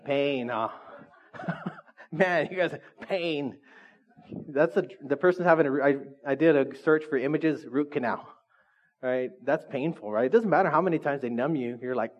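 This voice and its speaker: A man's voice: on the high side, normal speed, long pauses, highs cut off. A man preaching a casual sermon as pastor, chatty and joking with the congregation.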